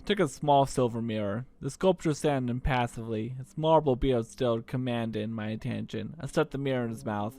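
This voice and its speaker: A man's voice: mid-range voice, normal speed, few pauses, mellow. A young man hosting a let's play, reading a text adventure aloud with casual asides and fillers.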